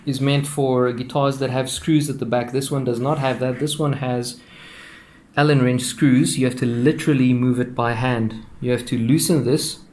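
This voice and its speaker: A man talks through a guitar setup like a teacher at his workbench, in a plain mid-pitched voice. He rambles a little, repeating words and dropping fillers as he goes. A faint hiss sits under the recording. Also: fairly even intonation, moderate pace, a little mellow. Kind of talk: casual tutorial explanation.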